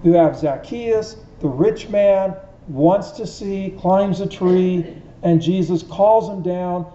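A man's voice: high voice, slow pace, dark tone, a little hiss or hum. A man teaching an informal Bible study in a conversational way, often asking his listeners questions. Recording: dull echoey room recording.

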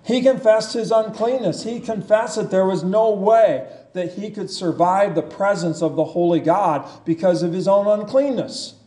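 A man preaching a sermon, reading scripture aloud and explaining it with slow, emphatic delivery. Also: high-pitched, mellow. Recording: echoey church room.

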